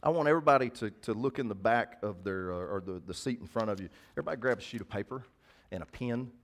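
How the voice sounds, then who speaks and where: A man's voice: on the low side, fast talker. Middle-aged man, folksy pastor addressing his flock in a sermon. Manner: folksy, talks to congregation directly. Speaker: preacher.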